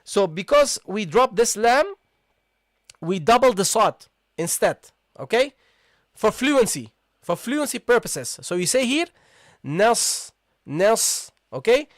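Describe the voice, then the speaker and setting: A man teaching a live online recitation lesson. He explains step by step, repeats sounds slowly and keeps checking with "okay, guys?". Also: high-pitched, very animated, fairly bright tone, dry recording, studio quality.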